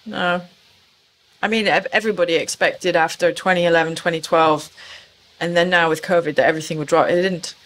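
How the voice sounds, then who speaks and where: A woman's voice: lowish voice, fairly even intonation, fairly quick, a bit bright, slight background noise. A woman recruitment consultant speaking as a podcast guest, explaining fluently and confidently. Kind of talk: podcast interview.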